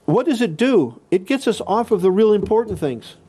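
A man teaching a Bible lesson in a podcast lecture. His voice sits a little high but sounds warm and mellow. He reads passages aloud and walks through Greek words point by point. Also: animated, moderate pace, breathy edge.

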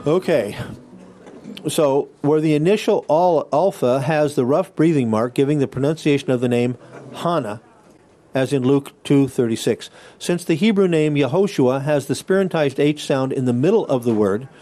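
A man's voice: a little high, moderate pace, dark tone. A man teaching a class, explaining patiently, restarting phrases and checking in with his listeners. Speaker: Bible Greek teacher. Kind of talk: classroom lecture.

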